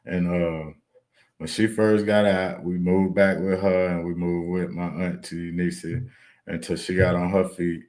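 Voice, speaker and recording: A man's voice: low voice, level tone, unhurried, darkish tone. A man telling stories from his childhood in a loose, conversational way, often tagging "right?" onto his sentences. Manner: loose and conversational, many "right?" tags and "uh" fillers. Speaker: storyteller recalling his childhood. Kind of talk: casual spoken storytelling.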